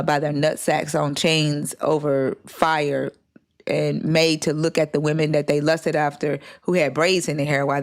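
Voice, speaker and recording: This is a livestream host in casual chat, telling a story with lots of swearing. They talk at a middle pitch and act out each line of quoted dialogue. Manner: profane, animated storytelling.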